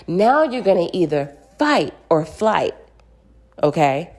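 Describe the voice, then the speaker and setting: Lower-voiced woman vlogger, emphatic and preachy, lecturing women on relationships. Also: a little mellow. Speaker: vlogger giving relationship advice. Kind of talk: casual commentary.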